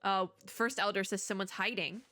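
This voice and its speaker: A woman streamer with a bright, forward voice talks through a story game, reading lines aloud and trailing off into chatty asides. Her throat sounds strained, and she laughs often between thoughts. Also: medium pitch, fairly even intonation, brisk. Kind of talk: casual gameplay commentary and reading aloud.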